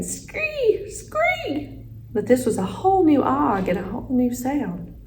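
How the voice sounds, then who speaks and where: Expressive woman reading a children's book. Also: medium pitch, slight background noise, poor audio. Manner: expressive storytelling. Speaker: teacher reading aloud.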